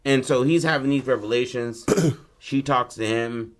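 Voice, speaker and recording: A man co-hosting a podcast, pitching a film story in casual chat, loose and profane, slipping into the voices of his characters. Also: steady tone, normal speed. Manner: laid-back, profane, acts out lines in his story. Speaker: podcast co-host.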